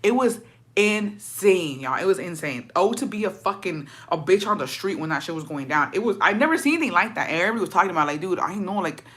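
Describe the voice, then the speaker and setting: A young woman with a bright, clear voice tells a story to her viewers, salty and slangy, slipping into Spanish phrases. She keeps it animated and dramatic, like gossiping with friends. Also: lowish voice, fast talker. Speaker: storytime vlogger. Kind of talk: casual storytime.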